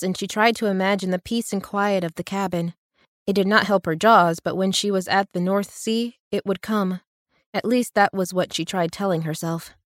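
A woman's voice: mid-range voice, no echo. Woman narrating a novel, dry and close. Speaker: audiobook narrator. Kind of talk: scripted narration.

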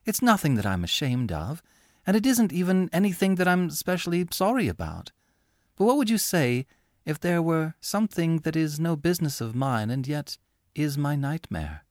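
A man reading aloud voices a sharp, impatient young woman who works in a shop, speaking briskly and with exasperation. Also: on the high side, big pitch swings, no echo, studio quality, pitched above the performer's own voice. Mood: earnest.

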